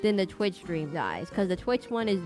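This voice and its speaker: Female game streamer, mid-range voice, loose rambling chat, playful hums, soft game music underneath. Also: medium pitch, sing-song, moderate pace. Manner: chatty and rambling, with playful sing-song humming.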